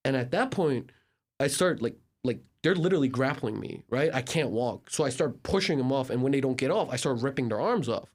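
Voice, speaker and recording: An American man, a podcast guest, telling travel stories in a casual, animated way, laughing and acting out the people he quotes. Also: medium pitch, a little fast. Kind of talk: casual storytelling.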